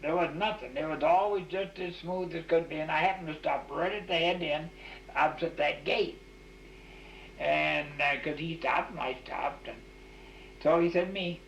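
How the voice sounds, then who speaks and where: Older man, gravelly, folksy rambling interviewee; echoey, muffled old tape. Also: on the high side, normal speed, fairly bright tone, slight background noise. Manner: folksy, full of restarts and "you know". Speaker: oral history interviewee. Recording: echoey, dull 1989 tape recording.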